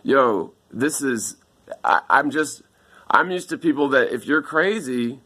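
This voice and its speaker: A man's voice: mid-range voice, lively intonation, slow pace, bright, forceful tone. A man, speaking into a phone camera and pleading with his viewers for help. He rambles in an upset way and keeps saying "man" and "dude.". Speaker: vlogger asking viewers for help. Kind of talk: casual video monologue.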